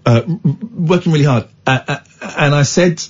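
A man with an English accent hosting a late-night radio chat show, animated and self-mocking, often breaking into giggles. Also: fairly high pitch, fairly quick, husky, muffled recording. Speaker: radio host.

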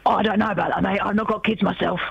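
A woman putting on the voice of a cocky, boastful male fireman, with gruff bravado. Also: medium pitch, fairly even intonation, very fast, muffled recording.

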